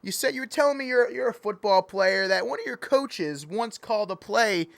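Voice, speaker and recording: A man's voice: high-pitched, animated, moderate pace, vocal fry, a bit bright, no echo. A man calling play-by-play in a joking mock sports broadcast, playful and easily sidetracked. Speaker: play-by-play commentator.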